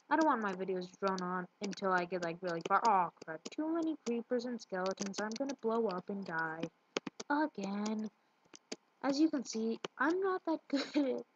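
A woman giving casual gameplay commentary, rambling and tripping over her words. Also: mid-range voice. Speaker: let's play gamer. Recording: muffled lo-fi with loud hiss.

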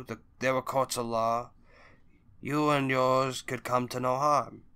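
A man reading an audiobook, voicing a proud older crime boss who speaks gravely, with a raised, forceful delivery. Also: medium pitch.

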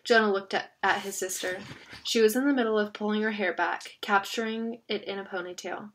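A woman reading a children's novel aloud in a steady storytelling manner, stumbling over a word now and then. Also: medium pitch, a little fast. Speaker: narrator.

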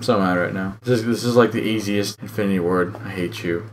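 A man's voice: fairly low pitch, fairly quick, few pauses, a little hiss or hum. A young man giving gameplay commentary as a channel host, muttering and swearing at the game in frustration.

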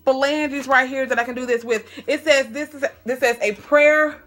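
A woman vlogger chatting casually while opening fan mail, excitable and stumbling over her words, calling viewers girl and y'all. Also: high voice, normal speed, faint music behind. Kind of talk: casual chat.

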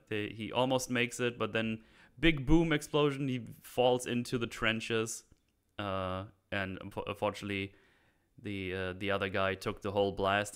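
A man's voice: on the low side, fairly bright tone, smooth. A man hosting a casual film discussion podcast, talking in a hesitant way with many fillers and restarts. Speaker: podcast host.

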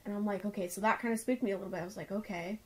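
A woman's voice: mid-range voice, fairly even intonation, rapid-fire, a little mellow, breathy edge. A young woman earnestly retelling a personal experience in casual chat, filling nearly every phrase with "like". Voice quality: filler-heavy, says "like" constantly. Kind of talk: casual storytelling.

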